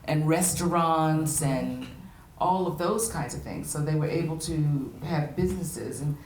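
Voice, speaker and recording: Animated older woman in an echoey room. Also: low-pitched, measured pace. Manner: animated, laughing storyteller. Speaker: actress, guest of the talk. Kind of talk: live on-stage conversation. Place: gallery event before a live audience. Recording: echoey room, crowd and noise behind.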